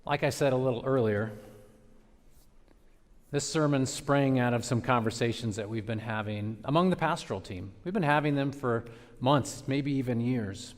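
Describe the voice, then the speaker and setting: A man preaching a sermon as pastor, with dramatic swings between loud emphasis and quiet, slowed phrases. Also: medium pitch. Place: church sanctuary. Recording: long reverb of a large church hall.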